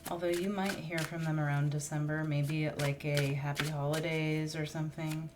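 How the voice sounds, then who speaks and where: A woman's voice: low voice, little pitch movement, normal speed, very noisy. A woman reading tarot cards in a casual, musing monologue, thinking aloud and getting emotional as she draws cards. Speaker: tarot reader.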